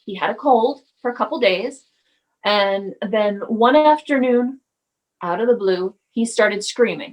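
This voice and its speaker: A woman, a mother and herbalist guest, speaks in a measured way with frequent ums and grows animated while telling a personal story. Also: mid-range voice, poor audio. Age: adult parent of school-age son. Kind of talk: casual interview storytelling.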